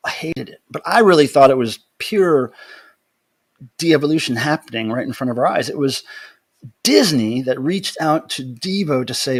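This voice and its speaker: Man, livestream host, casual chat, greets viewers by name, rambling asides, recorded at home. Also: a little high.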